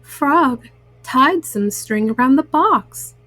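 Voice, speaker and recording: A woman reading bedtime stories aloud to young listeners, gentle and soothing. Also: high-pitched, expressive, slow pace, dry recording. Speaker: storyteller.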